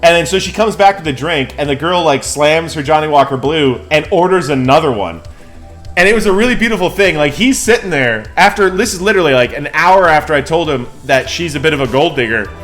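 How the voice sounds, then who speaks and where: A man's voice: fairly high pitch, lively intonation, a little fast, fairly bright tone, soft background music. Rowdy, profane male game streamer. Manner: rowdy, profane storytelling with laughs. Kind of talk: casual live-stream chat.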